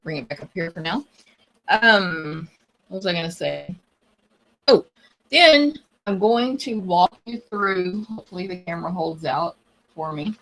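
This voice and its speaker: A woman's voice: fairly low pitch, fairly bright tone, a little hiss or hum. A woman hosting a live craft demonstration, talking casually and chattily, often losing her train of thought. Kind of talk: casual live-stream chat.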